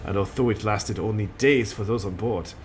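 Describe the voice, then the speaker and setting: A man voicing a stern, brooding female warrior guardian in a game, with a put-on French accent that slips, speaking low and solemn. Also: moderate pace, a little mellow, soft background music, lightly acted. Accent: put-on French, slipping. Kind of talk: reading game dialogue aloud.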